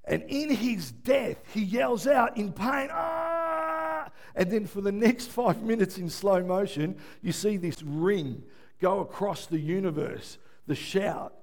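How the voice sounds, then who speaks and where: A preacher with a high-pitched voice delivers a sermon. He drops to a near-murmur, then climbs to full shouts, and often stops to ask the congregation "yeah?". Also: a little slow, vocal fry. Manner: swings from hushed to shouting, asks "yeah?". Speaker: pastor.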